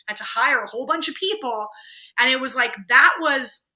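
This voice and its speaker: Lively woman guest on a podcast, super bright voice, acts out what people say. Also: high-pitched, fairly quick, poor audio. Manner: animated, acts out inner voices. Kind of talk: conversational interview.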